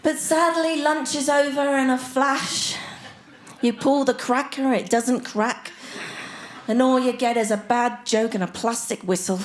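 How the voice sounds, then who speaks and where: A woman's voice: fairly high pitch, slight background noise. A woman of sixty, performing a chatty, self-mocking stand-up set and bantering with the crowd. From Australia. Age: 60s. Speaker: stand-up comedian. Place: theatre stage before a live audience.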